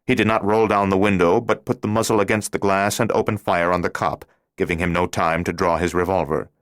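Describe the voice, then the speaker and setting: A man narrating a thriller audiobook in a steady, measured reading voice. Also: deep voice, dry recording, clean studio sound. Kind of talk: scripted narration.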